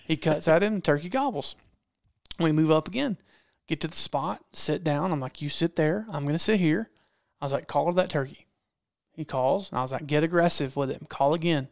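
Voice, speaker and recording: Man, casual hunting story, animated, repeats lines for punch, slightly high voice, dry close mic. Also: fairly quick, vocal fry, no room sound. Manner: animated, acts out quotes, repeats phrases for effect. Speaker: podcast guest storyteller, hunting videographer.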